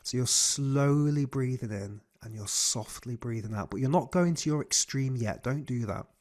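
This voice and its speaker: A man leading a guided breathing class on a video call, giving slow, soothing cues. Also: medium pitch. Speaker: breathwork coach.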